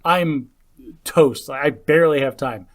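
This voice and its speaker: A man from Arizona co-hosting a podcast in casual chat, halting and restarting as he jokes. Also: a little high. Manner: halting, self-interrupting, joking. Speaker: podcast co-host.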